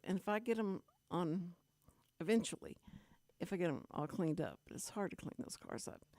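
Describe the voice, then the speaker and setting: A woman's voice: fairly low pitch, darkish tone, dry recording. An older woman, hosting a radio show and telling a long, rambling, self-deprecating story in casual chat.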